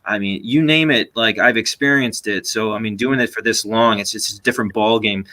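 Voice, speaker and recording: An American man with a fairly low voice and a bright, forceful edge to it. He talks earnestly as a paranormal investigator guest, pushing through long run-on stretches with quick restarts. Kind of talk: casual interview talk.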